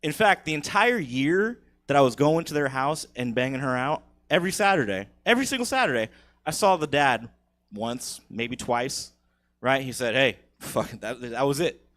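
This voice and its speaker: A young man telling a profane, animated story on a comedy stage, laughing at his own jokes. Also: mid-range voice, normal speed. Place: live comedy theater stage.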